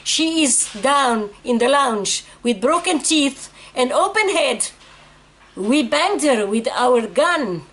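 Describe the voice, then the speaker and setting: An older woman acting out a menacing male army officer who threatens a captive, with raised voice and pushed-up pitch. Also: animated, takes it slowly, a bit bright, full character voice. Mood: threatening.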